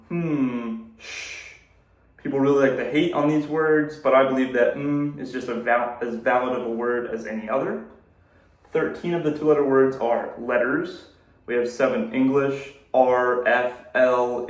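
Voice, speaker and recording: A man hosting a casual video explainer, giving deadpan definitions with jokey asides. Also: mid-range voice, echoey room. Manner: dry, jokey asides between slow definitions. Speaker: video host. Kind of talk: casual explainer reading a word list.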